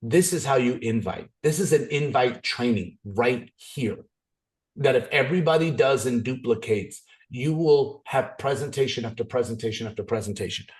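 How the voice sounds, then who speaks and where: An energetic man leads a motivational training on a video call, in a voice of ordinary pitch. He tells stories in a playful, goofy way and often restarts his sentences. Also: moderate pace.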